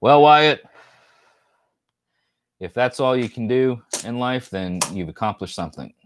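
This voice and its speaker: A man's voice: mid-range voice, fairly quick, background noise. A man from New York hosting a casual live stream, joking and rambling as he reads viewer comments aloud.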